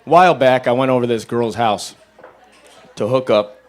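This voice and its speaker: A young adult man doing a stand-up set at a bar open mic, telling stories in a dry, level voice and breaking into loud acted-out quotes. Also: mid-range voice, moderate pace. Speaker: stand-up comedian.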